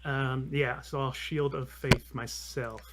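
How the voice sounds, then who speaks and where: A man's voice: medium pitch, fairly even intonation, takes it slowly, heavy background noise. Man player, casual rambling table chat. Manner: rambling, laughing, with many ums and restarts.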